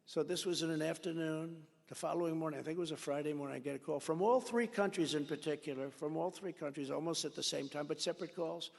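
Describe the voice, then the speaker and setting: Gravelly older man boasting at a rally. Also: a little high, fast, few pauses. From United States. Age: 70s. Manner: boastful storytelling with acted-out quoted dialogue. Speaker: politician at a campaign rally. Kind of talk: rally speech. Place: large campaign rally venue. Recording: long reverb of a large rally venue.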